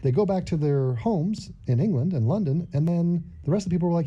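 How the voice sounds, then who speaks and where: A man's voice: fairly high pitch, brisk, hardly any pauses, warm tone, breathy edge. A man hosting a casual video, giving sarcastic, jokey commentary on clips. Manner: mocking, jokey asides. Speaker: host reacting to clips.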